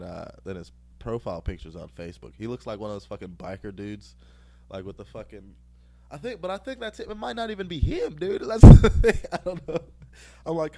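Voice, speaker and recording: A man's voice: on the low side, a little mellow. A young man hosting a podcast, telling a rambling, profane story and laughing at his own jokes. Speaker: podcast host.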